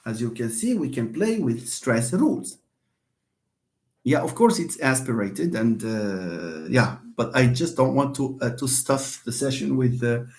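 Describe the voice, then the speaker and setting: A man teaching English word stress in an online lecture, drawing out words slowly and with emphasis. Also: medium pitch, warm tone. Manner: slow, emphatic, drawn-out words.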